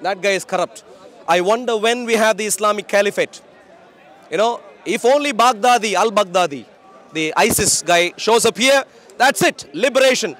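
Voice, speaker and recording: A man preaching outdoors on a city street, loud and projecting as he argues with passersby. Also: high-pitched, moderate pace, some chatter behind. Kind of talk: open-air street preaching and debate.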